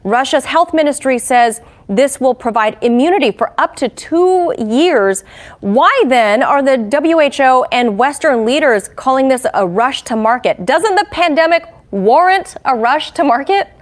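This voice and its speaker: A woman anchoring a news interview, who sets up the story and asks her guest brisk, leading questions. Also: sits high, expressive.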